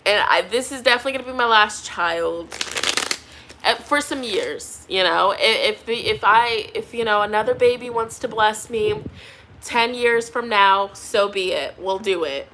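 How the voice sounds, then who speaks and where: A woman's voice: medium pitch, moderate pace, fairly bright tone, a little hiss or hum. A pregnant young woman doing a tarot reading, chatting casually with viewers and laughing often. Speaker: tarot reader.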